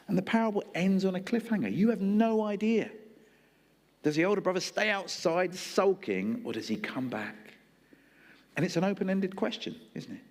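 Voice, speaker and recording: A man's voice: high voice, expressive, moderate pace, a little mellow. A male preacher delivering a sermon in a conversational storytelling style, acting out voices. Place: church hall. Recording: long hall reverb.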